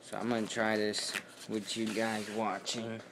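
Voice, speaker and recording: A man's voice: fairly low pitch, monotone, unhurried, noisy background. A young man reviewing a toy wrestling ring at home in a rambling, loosely unscripted way, picked up by the camera mic. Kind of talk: casual video toy review.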